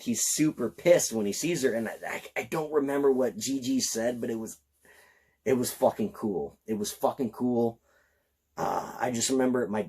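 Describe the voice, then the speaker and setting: A slightly tipsy man giving an excited, profane, rambling film review. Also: mid-range voice, slightly rough.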